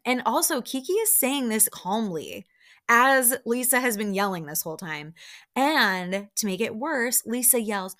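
A woman's voice: mid-range voice, expressive, unhurried, fairly bright tone. A young woman hosting a podcast, casually recapping a reality show with lots of "like" fillers and acted-out quotes. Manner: chatty, many "like" fillers, acts out quotes.

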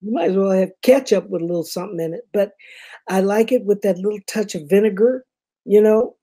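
A woman's voice: mid-range voice, a little fast, warm tone. An older woman with a Memphis Southern accent, telling rambling stories as an interview guest, laughing often. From Memphis, Tennessee. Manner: chatty, rambling, laughs often, says "you know" a lot. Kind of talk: casual storytelling interview.

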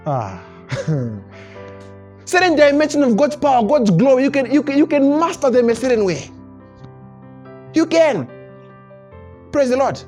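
During a church service, a pastor gives an animated sermon, chuckling often and restarting his phrases with repeated words as he develops his point. His very high-pitched voice is unhurried and pauses often, over soft background music.

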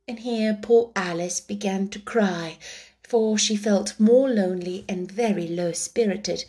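A woman reading a children's book aloud, then chatting casually with animated, laughing asides. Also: mid-range voice, unhurried, slightly rough. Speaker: storyteller.

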